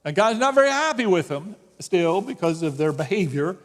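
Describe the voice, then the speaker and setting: A pastor with a high-pitched voice, big pitch swings, and a moderate pace teaches a Bible study in a church sanctuary. He's conversational and joking, often restarting his sentences, and the hall adds long reverb.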